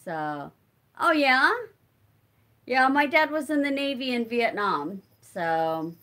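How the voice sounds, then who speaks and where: A chatty middle-aged woman hosting a relaxed livestream, answering viewer comments as she crafts. She talks at an unhurried pace and wanders off as she thinks aloud. Her voice sits a little high. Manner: chatty and rambling, thinks aloud with many fillers. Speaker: livestream host. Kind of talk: casual live chat answering viewer comments while crafting.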